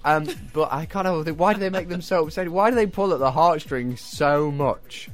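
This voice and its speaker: A chatty, self-mocking man hosting a breakfast radio show. His voice sits a little high for a man, and he laughs easily between quiz questions. Soft music plays underneath in the studio. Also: fairly quick. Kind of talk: casual chat with quiz. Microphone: studio microphone.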